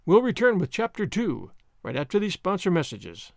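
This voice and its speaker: Expressive man reading a classic adventure. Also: high voice, moderate pace, creaky, no echo, clean studio sound. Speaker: audiobook narrator. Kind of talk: audiobook reading.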